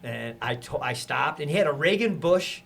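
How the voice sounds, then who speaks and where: A man, a podcast guest, telling a lively story in casual conversation and acting out the people he quotes. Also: on the high side, moderate pace, gravelly. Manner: animated, acts out quotes with laughter.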